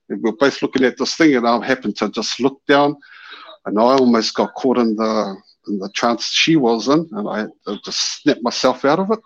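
A man's voice: medium pitch, moderate pace. A man calling in and telling a story, animatedly acting out the voices in it. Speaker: caller. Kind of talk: casual storytelling. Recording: dull lo-fi call-in audio.

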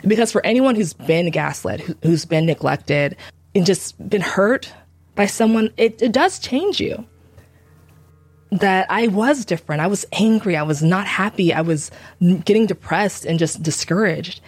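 A woman's voice: medium pitch, measured pace, breathy edge, dry recording. A woman talking through a painful personal experience in an intense monologue, often repeating herself and acting out what others said. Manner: intense, repeats herself, acts out quoted speech. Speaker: podcaster on church abuse.

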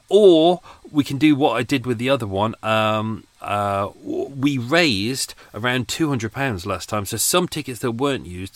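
A man's voice: lowish voice, fairly bright tone, no echo. A middle-aged man hosting a podcast in a casual, rambling chat full of fillers and restarts, talking outdoors by his boat. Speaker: podcast host.

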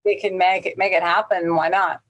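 A woman speaks as a casting director in a casual interview. Her manner is blunt and straight-shooting, and she gives direct advice without softening it. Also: lowish voice, fairly even intonation, fairly quick.

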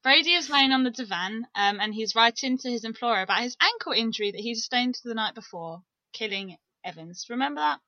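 A woman's voice: a little high, lively intonation, fairly quick, hardly any pauses, sharp tone, dry recording, highs cut off. A woman co-hosting a casual true crime podcast, chatty and giggly as she reads through case notes. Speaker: podcast co-host.

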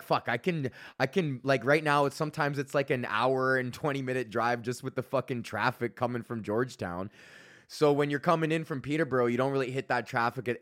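This young man hosts a podcast and tells a story as a casual, rambling rant packed with swearing, fillers and restarts. His mid-range voice has a slightly bright quality.

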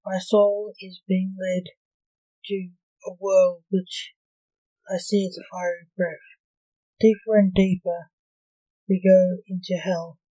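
A woman reading a dark story aloud in a slow, solemn, dramatic manner. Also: medium pitch, little pitch movement, rough recording. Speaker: narrator.

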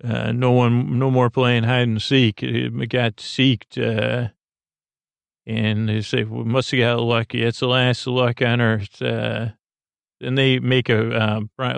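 Male podcast host, gravelly and smooth, dry close sound, rambling sleepy recap. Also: medium pitch, no echo. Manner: halting, many fillers and restarts. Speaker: podcast host retelling an episode.

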